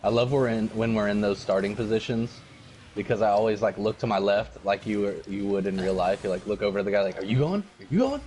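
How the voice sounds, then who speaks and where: A man's voice: lowish voice, little pitch movement, quick pace, darkish tone, a little hiss or hum. A man gaming with a friend, making wry quips and laughing often. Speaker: gamer co-host. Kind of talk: casual gaming chat.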